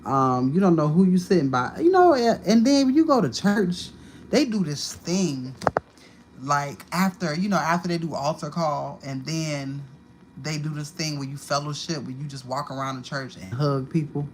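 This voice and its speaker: Profane, animated woman livestreamer. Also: sits low, normal speed, slight background noise. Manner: profane, animated storytelling with sudden loud outbursts. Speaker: livestream host. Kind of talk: casual livestream monologue.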